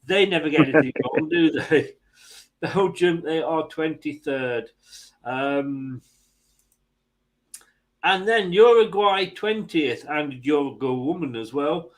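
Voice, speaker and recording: A man's voice: fairly high pitch, expressive, takes it slowly, pauses often, rough recording. A man from England hosting a casual football chat, chatty, laughing often and restarting his sentences. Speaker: host.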